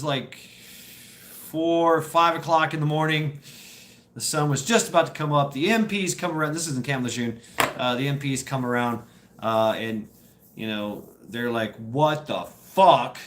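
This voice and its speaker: A man on a livestream rambles through casual stories for his chat, cursing and laughing freely. His voice sits in the mid range with a fairly bright tone.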